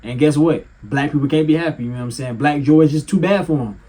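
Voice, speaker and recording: Heated husky man ranting. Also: a little high, fast talker. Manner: animated, mocking, swears and laughs often. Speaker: commentator reacting to clips. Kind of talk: heated reaction commentary.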